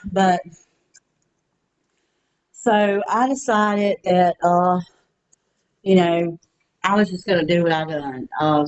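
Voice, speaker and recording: A heartbroken woman, speaking alone at home in a raw confessional vlog, halting with many fillers and pauses, close to tears. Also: mid-range voice, clear, resonant tone, highs cut off. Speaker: vlogger. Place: her apartment.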